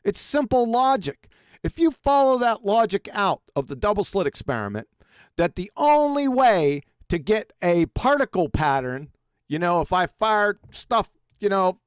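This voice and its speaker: Insistent man with a high, clear voice. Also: big pitch swings, a little slow, dry recording. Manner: insistent, lecturing, repeats himself. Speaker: host. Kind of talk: casual debate on a live call.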